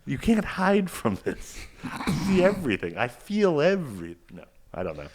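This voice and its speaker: A man's voice: fairly high pitch, wildly swooping pitch, moderate pace, a little hiss or hum. A man co-hosting a podcast in casual chat, rambling and making crude jokes. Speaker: podcast co-host.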